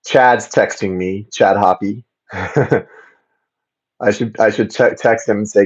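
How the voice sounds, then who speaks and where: A man's voice: on the low side, fairly even intonation, moderate pace, slightly rough. Chatty Florida man on a livestream. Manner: chatty, rambling, repeats words, greets viewers by name. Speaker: tarot reader hosting a livestream. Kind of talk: casual livestream chat. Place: home, indoors. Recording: slightly dull livestream audio.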